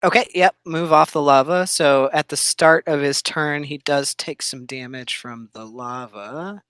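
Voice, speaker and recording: A game master running a tabletop game over a call, easygoing and quick to laugh. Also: medium pitch, steady tone, fairly bright tone, clean tone, no echo.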